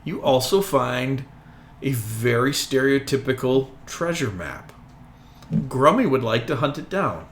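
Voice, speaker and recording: A relaxed man running a tabletop game. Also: mid-range voice, a little slow, slight background noise. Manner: loose, chatty narration with frequent ums and self-corrections. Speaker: game master.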